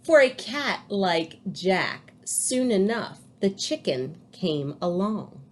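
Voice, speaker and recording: A woman teacher reads a picture book aloud to children at an unhurried pace. Her voice rises and falls widely as she tells the story. She drops in chatty asides between pages. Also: mid-range voice, very animated, a little hiss or hum. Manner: chatty asides while reading.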